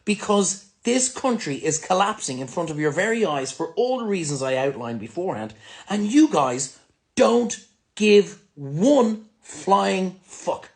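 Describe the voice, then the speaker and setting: An Irish man rants bluntly to camera, his fairly high voice swinging widely as he swears. He has an angry, plain-spoken manner. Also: big pitch swings, a little slow. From Ireland. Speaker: restaurant business owner. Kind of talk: ranting vlog monologue to camera.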